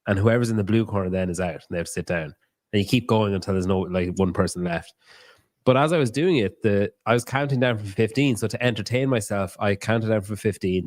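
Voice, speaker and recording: Low-voiced joking male podcast host. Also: no echo, clean studio sound. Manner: joking, swears freely, rambling storyteller. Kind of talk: casual podcast chat.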